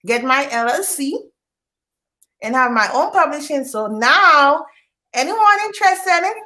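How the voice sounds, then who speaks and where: A woman author as an interview guest, talking in a warm, grateful, emotional way. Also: high-pitched, animated, unhurried. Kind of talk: live online interview.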